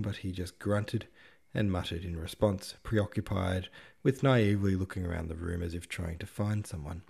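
A man's voice: low-pitched, creaky, a little mellow, slightly rough. A man narrating a classic novel in a wry, slangy retelling. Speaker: podcast host reading a novel. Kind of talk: audiobook narration.

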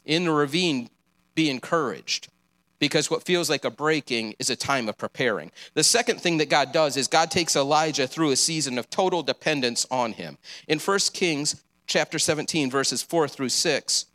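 A man's voice: a little high, moderate pace, a bit bright. A man preaching a sermon, earnest and encouraging, with casual asides.

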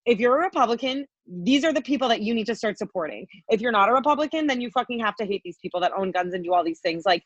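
A woman's voice: a little high, expressive, quick pace, few pauses, no echo, lo-fi sound. A woman co-hosting a podcast, ranting heatedly with constant swearing and filler likes. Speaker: podcast co-host. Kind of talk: angry political rant.

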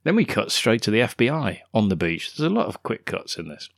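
A man's voice: lowish voice, big pitch swings, fairly quick, gravelly, no room sound, studio quality. A man co-hosting a casual film review podcast, joking and laughing often as he retells scenes. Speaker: podcast co-host.

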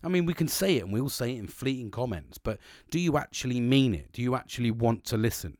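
A man's voice: medium pitch, lively intonation, fast talker, darkish tone, no echo, clean studio sound. A British man talking in a rambling, earnest monologue, swearing constantly. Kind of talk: casual monologue.

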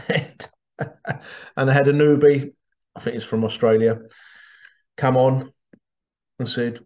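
A man's voice: mid-range voice, fairly even intonation, takes it slowly, long pauses, mellow, lo-fi sound. A man hosting a podcast, talking in a loose, rambling monologue with frequent restarts and laughs. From Britain. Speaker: podcast host. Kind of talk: casual monologue.

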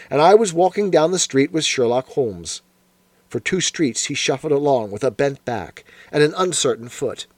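A man reading a classic detective story aloud in a measured, expressive storytelling manner. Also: mid-range voice, no echo. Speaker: audiobook narrator. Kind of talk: scripted narration.

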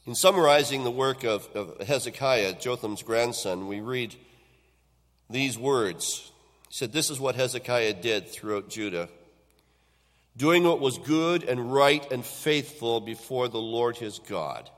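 A man preaching a Sunday sermon in a church. His voice rises into loud, emphatic build-ups and then drops into quiet endings. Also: medium pitch, expressive, measured pace. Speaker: pastor. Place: church sanctuary. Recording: long hall reverb.

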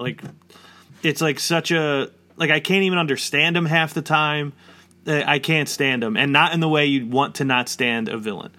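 His pitch sits a little high and his pace is moderate, with a bright, forceful tone. The roughly forty-year-old man chats casually and rambles, saying "like" constantly.

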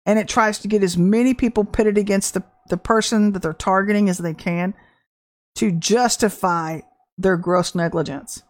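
A woman delivering a fervent prophetic sermon, emphatic and shifting between drawn-out and rushed phrases. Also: medium pitch, fairly even intonation. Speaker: prophetic preacher.

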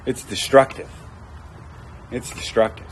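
A man's voice: mid-range voice, little pitch movement, measured pace, husky. A man preaching a conversational sermon, acting out quoted voices and repeating lines for emphasis. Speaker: pastor.

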